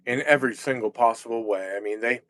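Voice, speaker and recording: A man talking in a rambling monologue, agitated and profane, halting and restarting his sentences. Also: mid-range voice, fairly bright tone. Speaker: vlogger.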